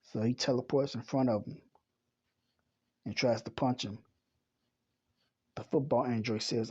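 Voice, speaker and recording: A man reading a comic chapter aloud in a plain, unhurried way, correcting himself as he goes. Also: mid-range voice, steady tone, warm tone, husky, muffled recording. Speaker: comic reader.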